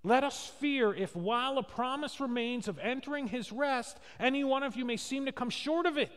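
A man's voice: very high-pitched, moderate pace, a bit bright. A male pastor preaching a sermon, telling stories with acted quotes and asking rhetorical questions. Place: church sanctuary. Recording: long reverb of a church hall.

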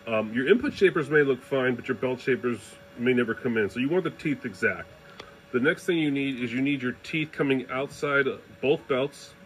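A man's voice: medium pitch, moderate pace, a little hiss or hum, poor audio. A man giving a casual hands-on tutorial, talking loosely and checking in with the viewer as he demonstrates. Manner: informal, loose phrasing, demonstrates while explaining, checks in with "right?". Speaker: 3D printing hobbyist demonstrating.

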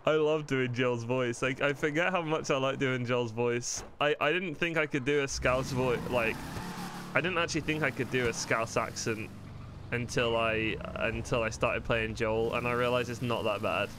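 A man's voice: medium pitch, steady tone, moderate pace, background noise. A man streaming a role-play game, chatting casually and thinking aloud, often poking fun at himself. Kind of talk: casual commentary while playing.

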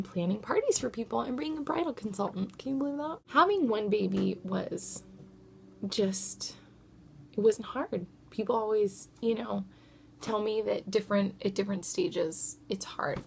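A woman in her thirties chatting casually to camera as a mother vlogger, self-deprecating and at times dropping to a soft whisper. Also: medium pitch, creaky, a little hiss or hum.

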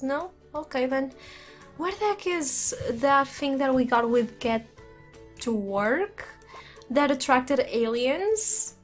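A young woman casually commenting on her life-sim game, giggling often and talking to the characters and to her viewers. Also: high voice. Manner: giggly, chatty, laughs often. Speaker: gaming channel host. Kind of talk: casual let's-play commentary. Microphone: desk condenser mic.

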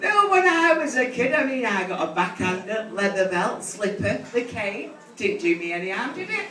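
A man's voice: sits high, big pitch swings, normal speed, a crowd in the background. A man doing bawdy drag stand-up, teasing audience members with brash, crude banter. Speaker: drag comedian. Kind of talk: live stand-up with crowd work. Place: large theatre stage. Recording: distant echoey live theatre recording. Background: audience laughter.

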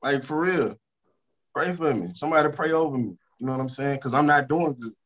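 A Louisiana rapper talking casually in an interview, repeating himself for emphasis and turning quieter when he talks about stress. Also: mid-range voice, a little fast, lo-fi sound. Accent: Southern US, Louisiana. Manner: emphatic and repetitive, drops to a subdued tone about stress.

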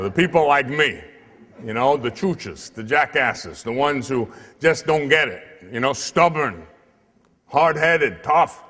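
A priest giving a comic, storytelling sermon in church, acting out the people in his tale. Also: mid-range voice. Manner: animated, comic storyteller who acts out the other people in the tale. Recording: long hall reverb.

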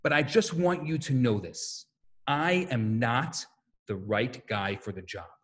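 A man's voice: medium pitch, measured pace, fairly bright tone, voice pushed down, natural voice. A man voicing a humble, reluctant prophet who pleads earnestly that he is not the right one for the job. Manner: earnest, self-effacing pleading. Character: humble reluctant male prophet, plain-spoken.

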